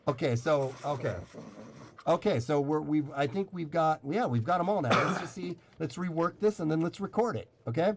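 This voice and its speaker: Playful American male streamer, loose casual banter with a very lively pitch. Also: normal speed. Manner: joking, playful, drinking while he talks. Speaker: livestream host. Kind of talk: casual livestream chat.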